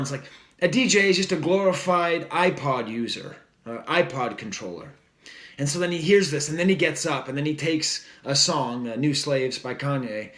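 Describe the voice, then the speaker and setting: A man's voice: a little high, a bit bright, reverberant. A man giving a casual, rambling record review, full of fillers and enthusiastic asides. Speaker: music reviewer.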